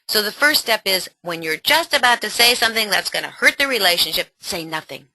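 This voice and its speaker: A middle-aged woman teaching a parenting webinar as a coach, in an animated and encouraging way. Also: medium pitch, brisk, dry recording.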